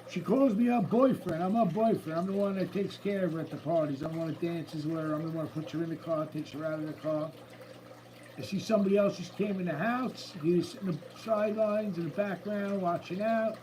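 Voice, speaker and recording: Faint running water from a tank trickles behind a high-voiced man streaming live from his room at home. He talks briskly, relaxed and upbeat, in easy live-stream chat with his viewers, with some background noise present.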